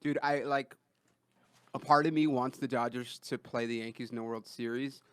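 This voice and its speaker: A man hosting a podcast in a studio, telling a story in casual chat and getting loud when he acts out quotes. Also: medium pitch, fairly even intonation, normal speed, clear, resonant tone, no room sound. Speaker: podcast host. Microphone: studio mic.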